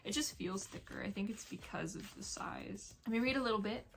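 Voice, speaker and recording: A woman's voice: medium pitch, fairly quick, hardly any pauses, rough recording. A woman book vlogger unboxing a novel and reading from it aloud, chatty and enthusiastic.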